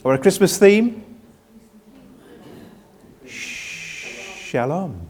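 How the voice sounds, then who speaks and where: An older male pastor delivers an informal Christmas sermon, his voice sitting a little higher than most men's. He chats, jokes at his own expense, and keeps asking the congregation to call out answers. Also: expressive, unhurried, noisy background. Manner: chatty, self-deprecating, asks the congregation questions. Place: church with live congregation.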